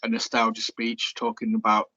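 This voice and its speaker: A man's voice: on the low side, completely flat delivery, normal speed, sharp tone, dull audio. A man co-hosting a podcast, talking casually and rambling with plenty of fillers. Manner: rambling, filler-heavy, chatty. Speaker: podcast co-host. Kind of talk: casual chat.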